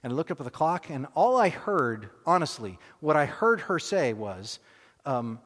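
Animated preacher man in an echoey hall. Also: fairly high pitch, moderate pace. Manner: animated, acts out scenes, self-deprecating humor. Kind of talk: sermon storytelling.

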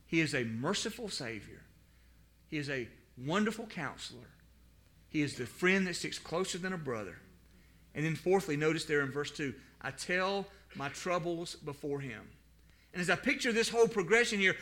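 A man preaching a sermon, swinging from loud, pleading outbursts to quiet asides and repeating words as he builds emphasis. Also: high voice, moderate pace. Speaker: pastor.

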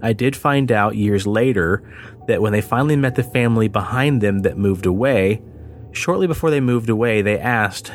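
A man's voice: lowish voice, normal speed, faint music behind. A man co-hosting a paranormal podcast, reading a listener's story aloud and then joking and swearing casually with his co-host. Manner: casual, swearing, laughs often.

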